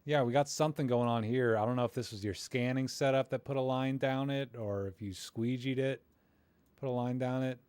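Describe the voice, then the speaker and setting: Male streamer, middle-pitched voice, chatty and rambling, dry close sound. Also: steady tone, fairly quick, a little mellow, smooth, no echo. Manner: rambling, filler-heavy, self-deprecating; friendly, encouraging toward viewers. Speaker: livestream host critiquing viewer photos. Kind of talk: casual live-stream commentary.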